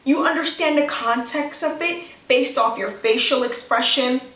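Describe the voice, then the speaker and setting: A young woman from Jamaica hosting a casual explainer video, teaching vocabulary in a lively way and acting out example dialogues. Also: sits high, moderate pace. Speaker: language teacher, video host. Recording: roomy, mic at a distance.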